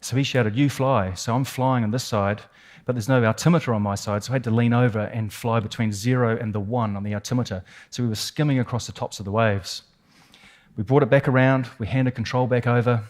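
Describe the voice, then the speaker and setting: A man's voice: mid-range voice, fairly even intonation, fairly quick, a little mellow. A man with a New Zealand accent giving a keynote talk, telling a dramatic personal story with vivid, suspenseful detail and emphatic repetition. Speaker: keynote speaker.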